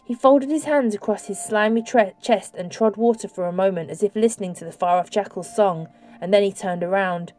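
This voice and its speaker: A woman narrating an audiobook in a measured, steady storytelling voice, recorded close on a studio mic. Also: mid-range voice.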